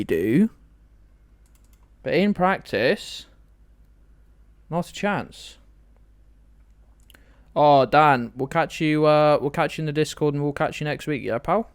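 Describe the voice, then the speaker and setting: Lively sweary man streaming. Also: fairly high pitch, a little slow, long pauses, dry recording, soft background music. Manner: sweary, rambling, self-deprecating. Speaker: game streamer. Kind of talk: live-stream commentary.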